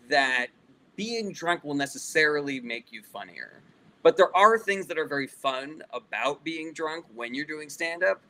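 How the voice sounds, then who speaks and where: A man's voice: on the high side, sharp tone, low-quality recording. A male comedian casually answering live chat questions, loose and profane, reading each question aloud before he answers.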